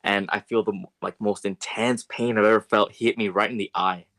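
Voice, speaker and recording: A young man with a fairly low voice tells a story on a casual podcast. He rambles along with plenty of fillers and jumps higher and louder whenever he acts out what other people said. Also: fairly quick. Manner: rambling, animated when quoting people. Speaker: podcast co-host.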